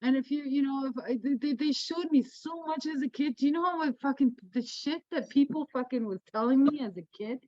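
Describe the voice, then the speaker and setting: A woman medium from Canada, telling stories in a casual interview, animated and profane, laughing often. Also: high-pitched, brisk, few pauses, dry recording. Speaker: guest, spiritual medium. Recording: dull lo-fi sound.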